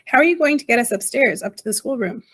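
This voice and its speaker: A woman's voice: on the high side, expressive, quick pace, a bit bright, breathy edge. A woman reading aloud, voicing an anxious little borrower mother who moans and frets. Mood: fretful. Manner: moaning, wailing, fussy.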